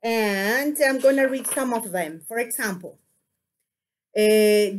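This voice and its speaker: A woman English teacher with an Ecuadorian Spanish accent, a native Spanish speaker, giving an online lesson and repeating phrases slowly to model intonation. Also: mid-range voice.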